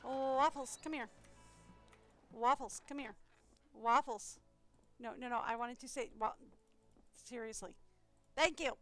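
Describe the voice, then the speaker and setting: A woman's voice: fairly high pitch, measured pace, pauses often, a bit bright. A woman streaming a game live, musing and rambling aloud as she plays. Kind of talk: casual live-stream commentary. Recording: game music faintly behind.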